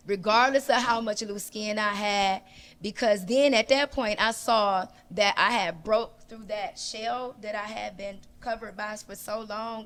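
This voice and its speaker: A woman speaking as a guest on a casual panel discussion, her pitch sitting right in the middle of the range. She tells her story with lively energy and acts out the voices of the people in it. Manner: animated storyteller who acts out dialogue.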